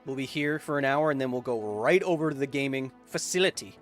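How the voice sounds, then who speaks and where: A man hosting a science livestream, chatting casually and reading out viewer donations in an upbeat, joking way with bursts of excitement. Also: mid-range voice, fairly quick, soft background music. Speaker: science YouTuber host.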